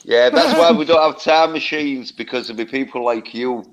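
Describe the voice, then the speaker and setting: A man's voice: mid-range voice, normal speed, highs cut off, a loud crowd. A man co-hosting a casual livestream chat, rambling and hesitant, full of fillers.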